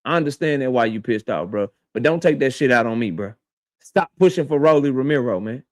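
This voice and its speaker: A man's voice: mid-range voice, animated, fairly quick, dry recording, clean studio sound. A man hosting a boxing channel, delivering a confrontational, profane commentary rant aimed straight at his target and repeating his points for emphasis. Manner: addresses his target directly.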